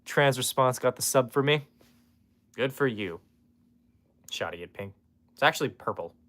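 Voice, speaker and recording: A man's voice: mid-range voice, animated, moderate pace, fairly bright tone. A man streaming from his room in casual chat, sarcastically roasting viewers and swearing freely.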